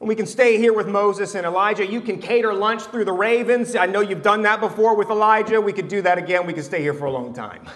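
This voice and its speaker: An eager male disciple begs in a high, raised voice, as a preacher puts him on. His words ring out with a long hall echo. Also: quick pace, hardly any pauses. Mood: eager, pleading. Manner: pleading, raised and excited.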